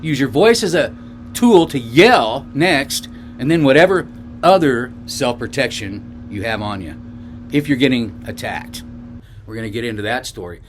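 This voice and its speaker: A man's voice: mid-range voice, lively intonation, normal speed, slight background noise. A man from northern California, a bikepacking vlogger, telling a story to camera in a loose, rambling way with restarts and asides.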